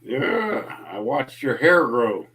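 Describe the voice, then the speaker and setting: A man's voice: medium pitch, very animated, slow pace, a bit bright. A man chatting as a guest on a late-night livestream, joking and ribbing the host. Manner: joking, teasing, playful. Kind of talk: casual late-night chat.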